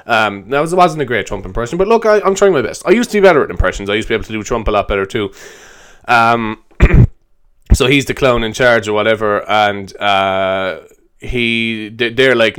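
A man's voice: fairly low pitch, animated, moderate pace, a bit bright, clear, resonant tone. A young Irish man hosting a solo comedy podcast, rambling, swearing and poking fun at himself. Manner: rambling, swearing, self-mocking. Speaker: podcast host.

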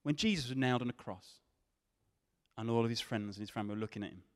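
A man preaching a sermon, swinging from loud questions to hushed tones. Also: medium pitch, fast talker. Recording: long hall reverb.

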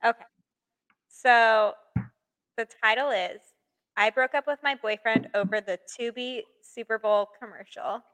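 A woman's voice: on the high side, fairly even intonation, unhurried, pauses often, a bit bright, rough recording. A young woman in her twenties co-hosting a podcast in casual chat, reading stories aloud and laughing easily. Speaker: podcast co-host.

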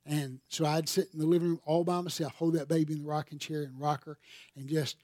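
Older pastor with a higher voice, dry sound. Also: male voice, level tone, fairly quick, no room sound. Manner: emphatic storytelling, swelling louder and higher on key points. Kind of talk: sermon. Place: church sanctuary.

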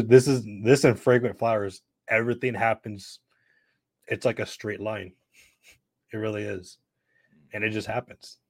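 A man with a fairly low voice talks eagerly as a podcast co-host, dropping casual swears. The sound is dry and close, with no room around it. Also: a little mellow, no echo.

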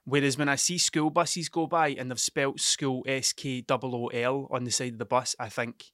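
A man's voice: mid-range voice, fairly even intonation, normal speed, few pauses, a bit bright, dry recording, studio quality. A man in his forties hosting a solo podcast, rambling and swearing heavily while mocking himself. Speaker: podcast host.

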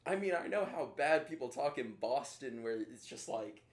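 A man's voice: mid-range voice, animated, moderate pace. Man, co-host, loose blunt banter, mid voice, echoey room. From Kentucky. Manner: blunt, swears freely, laughs often. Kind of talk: casual chat.

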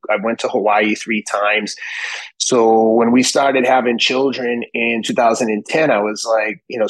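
A man's voice: lowish voice, a bit bright, dry recording, rough recording. A man in his fifties from Boston, a guest telling stories with swearing, acting out both sides of his conversations. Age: 50s. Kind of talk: animated storytelling.

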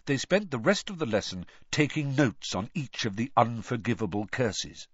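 Lively, husky-voiced male audiobook narrator. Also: mid-range voice, no echo. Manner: measured, lively storytelling. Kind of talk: scripted narration. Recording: dull dry recording.

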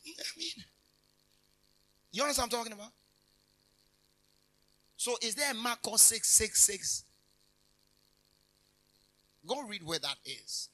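A male minister, preaching in a high, lively register. His tone is bright and forceful, and he mixes teasing jokes with emphatic declarations and frequent hallelujahs. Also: a little slow, long pauses, low-quality recording. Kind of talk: conversational sermon. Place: convention hall.

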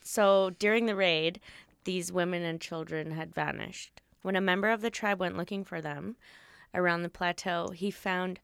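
Playful, gravelly-voiced woman co-host. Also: fairly low pitch, fairly even intonation, moderate pace, dry recording. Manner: laughs often, playful, chatty. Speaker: podcast co-host. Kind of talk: casual chat, storytelling.

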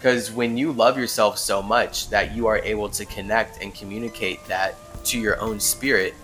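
Bright-voiced man rambling on a podcast. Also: fairly low pitch, steady tone, moderate pace, soft background music. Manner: rambling, emphatic, laughs often. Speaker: podcast host. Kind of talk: casual spiritual monologue.

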